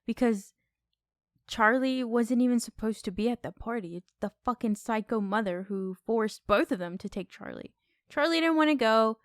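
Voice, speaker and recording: A woman co-hosting a podcast, talking through a film in animated casual chat and swearing freely. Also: a little high, moderate pace, no room sound. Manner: animated, swears freely, repeats questions for effect. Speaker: podcast co-host. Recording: dry close recording.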